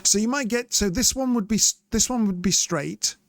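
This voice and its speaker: A man's voice: high voice, moderate pace, fairly bright tone, no room sound. A man giving chatty live commentary as he plays and explains his method step by step. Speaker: streamer.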